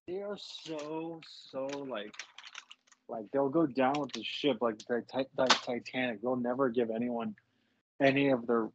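A man's voice: medium pitch, a little slow, heavy background noise. A man co-hosting a podcast, chatting casually in a rambling, hesitant way that repeats its starts, on a muffled lo-fi recording. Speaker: podcast co-host. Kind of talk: casual chat.

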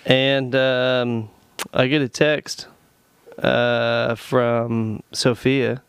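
A man's voice: mid-range voice, little pitch movement, extremely slow, smooth, no echo. A man co-hosting a podcast, chatting casually, telling sarcastic stories and rambling with plenty of fillers. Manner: joking, sarcastic storytelling. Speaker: podcast co-host. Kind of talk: casual chat.

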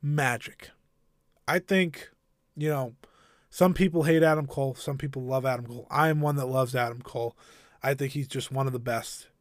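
A man's voice: mid-range voice, steady tone, moderate pace, no room sound, studio quality. A man hosting a wrestling review podcast, talking in an enthusiastic, rambling way. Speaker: podcast host.

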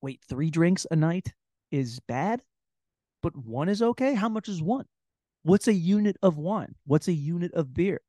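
A man hosting a solo comedy podcast, telling crude, rambling stories in an animated way. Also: fairly high pitch, a little slow, no room sound. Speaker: podcast host.

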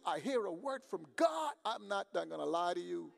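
High, gravelly-voiced male preacher. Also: sing-song, moderate pace. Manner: conversational, swings from quiet to shouting, acts out dialogues. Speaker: pastor. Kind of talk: sermon.

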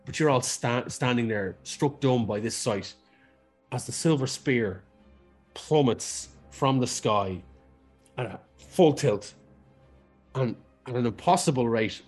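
A man's voice: mid-range voice, breathy edge. A man narrating as game master in a casual way, with restarts and the odd swear word.

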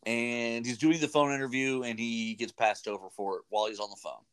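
A man's voice: medium pitch, steady tone, a little fast, a bit bright, clear, resonant tone. A man hosting a radio show, rambling casually with many fillers. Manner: rambling, chatty, lots of fillers. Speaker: radio host. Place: radio studio.

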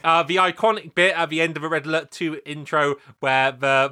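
A man's voice: fairly high pitch, level tone, a little fast, pushed and bright, smooth. A man co-hosting a podcast, chatting casually and laughing easily. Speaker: podcast co-host.

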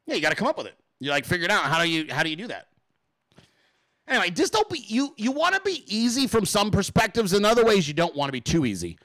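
A man hosts a live stream and rants freely to his chat, swearing in nearly every line. His voice sits high and bright with a forceful edge. He swings his pitch widely and jumps into shrill put-on voices when he quotes people. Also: wildly swooping pitch, quick pace, dry recording, studio quality. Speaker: livestream host. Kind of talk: profane unscripted rant to a live chat.

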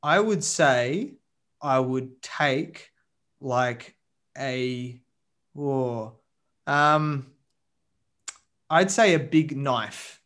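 A man in a casual interview, answering with many pauses and restarts. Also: mid-range voice, expressive, fairly bright tone. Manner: hesitant, many ums and restarts. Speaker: guest, coach and mentor.

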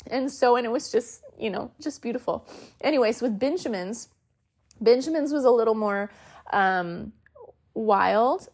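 A woman's voice: a little high, expressive, unhurried, darkish tone. A woman in her thirties hosting a podcast, telling stories in a casual way and acting out the quoted lines. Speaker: podcast host. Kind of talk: casual storytelling.

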